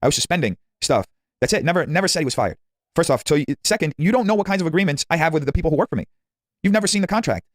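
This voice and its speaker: A man's voice: fairly high pitch, animated, rapid-fire, no echo, clean studio sound. A man livestreaming and defending himself combatively against a viewer. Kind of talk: livestream argument.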